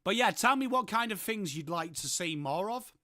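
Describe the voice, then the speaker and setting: A man's voice: high-pitched, lively intonation, normal speed, bright, forceful tone, no room sound, clean studio sound. A man with an English accent hosting a casual football watchalong livestream, chatting and swearing while answering viewers in chat. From England. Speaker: livestream host. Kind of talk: casual live-stream chat.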